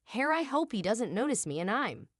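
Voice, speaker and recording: Woman, storyteller, emotional narration, animated pitch, dry close sound. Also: moderate pace, no room sound. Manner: emotional, dramatic, rhetorical questions. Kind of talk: first-person drama story narration.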